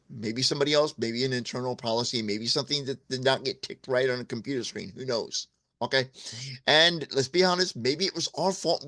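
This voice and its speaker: A man's voice: mid-range voice, fairly bright tone. A man hosting a video, giving earnest, candid advice in a casual way, often checking in with "okay?" and drawing on his own life. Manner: candid, shares personal examples. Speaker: vlog host giving marriage advice. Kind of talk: casual advice talk to camera.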